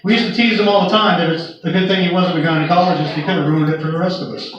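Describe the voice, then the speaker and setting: A man's voice: high voice, steady tone, very fast, distant mic, dull audio, a loud crowd. Man doing stand-up in an echoey club. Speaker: stand-up comedian. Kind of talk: stand-up comedy set. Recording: echoey live club recording from afar. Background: audience laughter.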